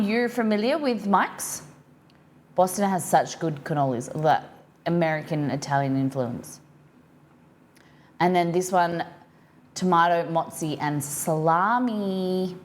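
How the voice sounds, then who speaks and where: A woman with an Australian accent hosts a cooking live-stream, chatting easily and reading viewer comments aloud as she reacts to each one. Her voice sits fairly low for a woman. A faint hum of background noise runs under her talk. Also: measured pace, long pauses.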